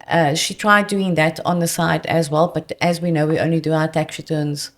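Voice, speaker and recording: A South African woman, a debt counsellor guest, telling earnest, animated client stories in conversation. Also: deep voice, moderate pace. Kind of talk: conversational storytelling.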